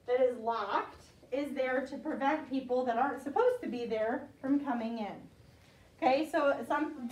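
A woman teacher leading a vocabulary lesson, patiently repeating each word for the class to echo. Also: high-pitched. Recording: echoey classroom from far off.

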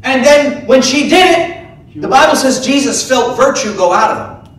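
A man preaching a sermon as pastor, animated, acting out the voices of biblical figures. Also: very high voice, moderate pace. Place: church sanctuary. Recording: echoey church from a distant mic.

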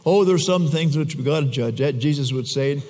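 A man's voice: on the high side, normal speed, darkish tone. A man preaching a conversational sermon, often putting questions to the congregation. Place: church. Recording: echoey church hall.

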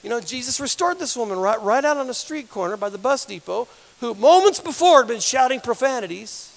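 A man with a high, gravelly voice preaches in a storytelling way. He rambles and repeats words, and gets lively as he talks. His voice carries a long reverb from a church hall. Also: fairly quick. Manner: rambling, repeats words, laughs and grows animated. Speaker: guest speaker. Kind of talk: storytelling sermon.

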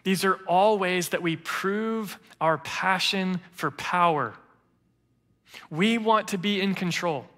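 A male pastor preaches with a bright, forceful, slightly high voice, his words carrying a long reverb through the church. He tells stories earnestly and warmly builds his point, pressing each line home. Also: slow. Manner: earnest storytelling preacher, quotes others in lively voices. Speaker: interim lead pastor. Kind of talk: sermon. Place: church sanctuary.

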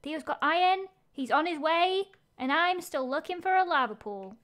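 At a moderate pace, a woman narrates her gameplay during a live stream, her high, bright voice full of excitable energy. She voices her thoughts nonstop and reacts to each surprise as it comes.

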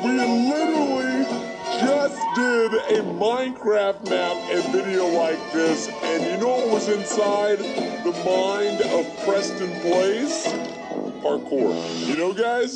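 A man giving excitable, playful gameplay commentary, often yelling in surprise. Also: high-pitched. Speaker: gaming video creator. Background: background music.

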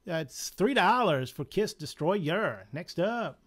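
A man with a Southern accent runs a live comic shop sale, chatting, chuckling, and making jokey asides as he prices items in casual patter. His voice sits high and is animated, slow, a bit bright, and slightly rough.

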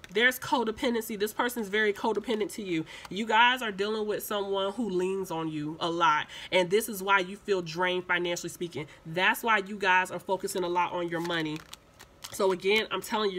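Woman, tarot reader, bright tone, insistent and repetitive, chatty delivery, faint background hiss. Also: mid-range voice. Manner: emphatic, repeats herself, chatty and insistent. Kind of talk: casual tarot reading to viewers.

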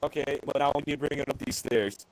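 Heard on a low-quality recording with slight background noise, a young gamer with a mid-range voice talks fast. Playing a game together with a friend in casual co-op chat, he's bossy, profane, and exasperated.

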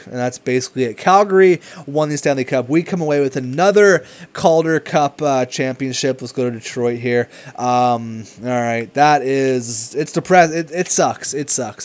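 A young man giving casual, excitable commentary over a video game, swinging between hype and frustrated swearing. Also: medium pitch, moderate pace, few pauses. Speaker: gaming commentator.

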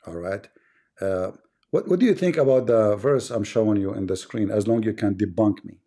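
A man's voice: on the low side, moderate pace, warm tone. A man with an Arabic accent hosting a live debate stream, taunting and sarcastic toward his callers. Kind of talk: mocking live-stream banter.

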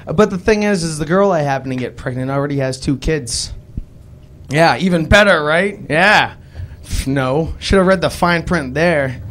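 On a live club stage, a young man with a Boston accent performs stand-up, telling self-deprecating stories and voicing the people in them with animation. His pitch is fairly high and his speed normal.

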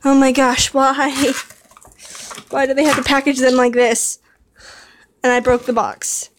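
High-voiced excitable woman unboxing. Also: a little slow, noisy background. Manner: gushing, excitable, talks to viewers. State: tired. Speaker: vlogger unboxing a model horse. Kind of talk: casual unboxing vlog.

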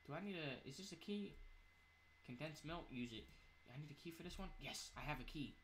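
Excitable, profane man gaming. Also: fairly high pitch, a little fast, a little hiss or hum. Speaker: gamer. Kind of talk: gameplay commentary.

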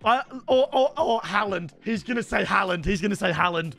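A young man hosting a gaming video, talking in a very high, bright register. He chats and banters excitably with his viewers, and faint music plays under his voice. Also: fairly quick, gravelly. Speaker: video game channel host. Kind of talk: casual gaming commentary.

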